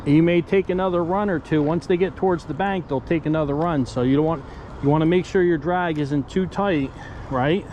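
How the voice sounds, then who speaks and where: A fishing vlogger with a slightly high, darkish voice talks a little fast, with a bit of hiss or hum in the audio. Winded on the riverbank, he gives live play-by-play on landing a fish and explains it to his viewers, whom he calls "guys."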